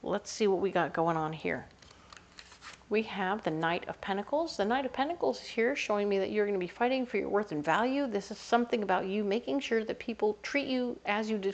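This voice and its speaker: A woman talks through a tarot spread in a loose, chatty manner, as if she were chatting with a friend. Her voice sits at an ordinary middle pitch, and now and then she drops into small playful voices for the people in the reading. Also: a little mellow, dull audio. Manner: chatty, acts out little quoted voices. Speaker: tarot reader.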